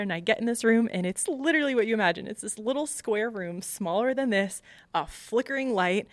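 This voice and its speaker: A woman from Long Island, a podcast guest, telling her story in a lively way, laughing often and acting out dialogue. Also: on the high side, brisk, no echo. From Long Island, United States. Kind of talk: casual storytelling interview.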